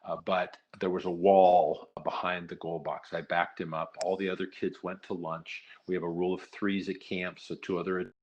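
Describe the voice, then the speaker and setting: A man's voice: sits low, little pitch movement, normal speed, few pauses, darkish tone, dull audio. A middle-aged man giving an earnest storytelling talk, speaking steadily with frequent "uh" fillers. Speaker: nonprofit leader giving a talk.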